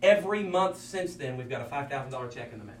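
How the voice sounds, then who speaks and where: A man's voice: medium pitch, expressive, quick pace. Pastor guy telling folksy stories, kinda far from the mic, roomy with a faint hum. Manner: folksy storyteller, many "I mean" asides, acts out quotes. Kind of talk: anecdotal preaching to fellow ministers.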